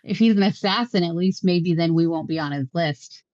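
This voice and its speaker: A woman with a lowish voice playing a tabletop game, nervous and jokey as she talks. The sound is dry and a bit dull and lo-fi. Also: a little fast, a little mellow, no echo. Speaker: player. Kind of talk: tabletop role-play chat.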